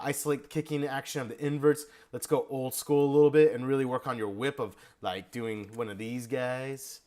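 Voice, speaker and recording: A man giving casual feedback in an online percussion lesson, now and then singing the rhythms on syllables. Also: medium pitch. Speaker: percussion instructor.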